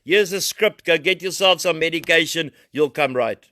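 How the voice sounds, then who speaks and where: South african man doing a quick dismissive doctor, loud and high, dry sound. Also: dry recording. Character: brisk male doctor handing out prescriptions.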